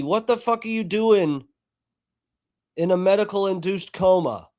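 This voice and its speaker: Chatty profane male streamer, higher voice. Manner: chatty, profane, talks to chat. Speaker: livestream host. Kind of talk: casual live commentary.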